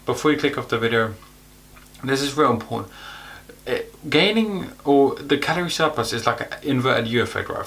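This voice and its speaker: A young man giving casual fitness advice to the camera in an energetic, chatty way, a little out of breath. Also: mid-range voice. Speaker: fitness youtuber.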